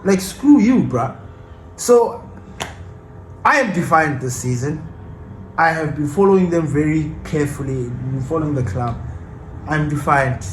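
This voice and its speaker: A man's voice: fairly high pitch, animated, a little slow, pauses often, echoey room, slight background noise, poor audio. A man hosting a football fan channel, ranting passionately and defiantly about his team in casual commentary.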